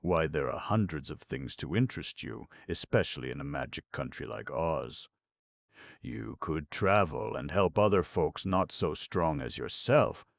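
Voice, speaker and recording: A chatty, cheerful clown, as a man puts him on in an audiobook. The deep, gravelly voice rises for the part and talks on in a lively way, recorded close and dry. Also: a little slow, no echo, heavily acted. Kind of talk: audiobook narration.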